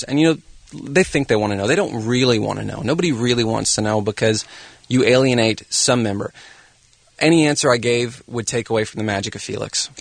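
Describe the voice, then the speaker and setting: A thoughtful man from Canada talks as a guest actor in a radio studio interview. His voice sits in a middle pitch, and he lays out his points at length with articulate care. The sound is close and dry. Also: no room sound.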